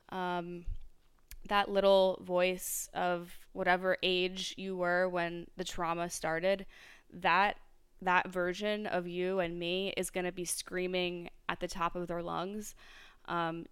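A woman's voice: fairly low pitch, flat delivery, takes it slowly, clean tone, dry recording. A woman hosting a solo podcast, talking reflectively with lots of fillers and restarts. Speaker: podcast host.

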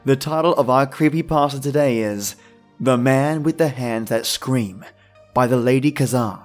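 Male podcast host for horror readings: friendly, hushed storytelling, mid-range voice, faint music bed. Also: mid-range voice. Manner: friendly, chatty intro, then slow hushed reading. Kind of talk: scripted horror story narration.

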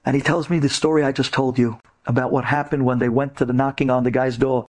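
A man's voice: level tone, fast, a little mellow. A man who is a rabbi giving a storytelling lecture to women, dramatic and acting out the voices in his stories. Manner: dramatic, acts out quoted voices with big pitch leaps; speaks directly to a women's audience. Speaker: rabbi and inspirational speaker.

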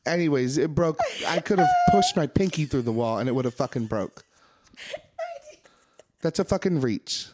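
A young man co-hosting a podcast, his voice sitting a little high for a man. He tells stories bluntly, swears freely and keeps things loose and casual. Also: wildly swooping pitch, moderate pace, pauses often, a little mellow, slight background noise. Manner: profane, blunt storytelling. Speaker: podcast co-host. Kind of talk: casual chat.

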